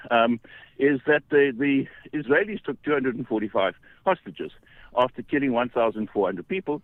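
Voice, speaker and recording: A man's voice: medium pitch, dry recording. A man calling in to a radio show. He is out of breath from walking uphill and argues in an impassioned, rambling way. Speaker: caller. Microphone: phone. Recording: tinny phone line.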